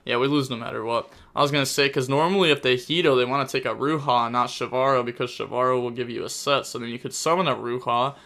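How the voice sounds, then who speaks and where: A young man with a bright, forward voice narrates a card game match at speed. He grows exasperated and bursts out loudly at his opponent's misplays, then settles back into quick analysis. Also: medium pitch, steady tone, vocal fry. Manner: fast, exasperated, bursts into loud outbursts. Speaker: host commentating a card game replay. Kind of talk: gameplay commentary.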